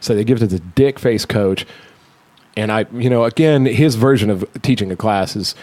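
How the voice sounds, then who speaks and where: A young adult man hosting a podcast, telling an animated, profanity-heavy story in casual chat. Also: lowish voice, moderate pace. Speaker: podcast host.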